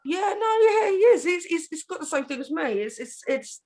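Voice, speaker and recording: A middle-aged woman from Britain, chatting in a group and telling family stories in an animated way, laughing often. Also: extremely high pitch, a little fast. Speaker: panel host. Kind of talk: casual group chat.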